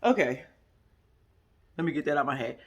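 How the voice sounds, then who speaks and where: Woman, sassy and blunt recap talk, swooping animated pitch. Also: fairly quick. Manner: blunt, profane, sassy, laughs often, mimics people. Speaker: reality show recap host. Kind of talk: casual commentary and recap.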